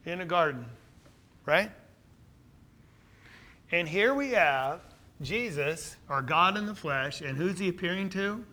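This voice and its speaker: Animated, bright-voiced male preacher. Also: sits high, slow, long pauses. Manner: asks the listeners questions and answers them; emphatic, rises to louder emphasis. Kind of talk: sermon.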